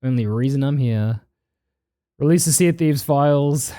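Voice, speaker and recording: An Australian man streams and chats casually with viewers, reading their live chat messages aloud while being blunt and swearing freely. His mid-range voice has a dark tone and a moderate pace.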